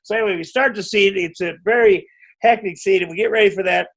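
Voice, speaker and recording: A man guesting on a podcast, telling a rambling, self-interrupting anecdote and breaking into loud acted quotes. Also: sits high, fast. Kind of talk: anecdotal storytelling.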